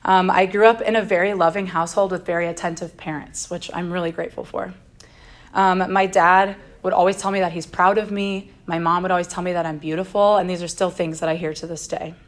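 Young woman speaker, earnest and gentle, slightly low voice. Faith talk. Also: little pitch movement, fairly quick. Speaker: guest speaker.

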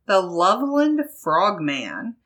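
Slow-talking, bright-voiced woman co-host. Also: fairly low pitch, huge pitch swings. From Ohio. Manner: giggly, laughs often while reading. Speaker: podcast co-host. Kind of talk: casual podcast chat, reading a news article.

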